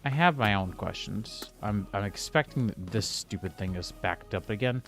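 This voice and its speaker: A man's voice: lowish voice, lively intonation, normal speed, few pauses, soft background music. A man streaming a building game, rambling casually and now and then snapping in exasperation at the game. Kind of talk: casual gameplay commentary.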